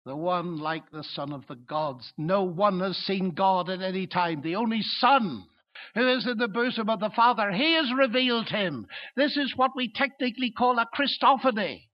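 A man with a high voice preaches a sermon in an emphatic, swelling way. The recording is dull and lo-fi. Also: animated, unhurried. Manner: emphatic, swelling to loud exclamations.

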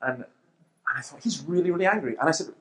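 Middle-aged man, Christian speaker, lively anecdotal talk to a church crowd. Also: a little high, fast. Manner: lively storytelling with quoted exchanges and asides.

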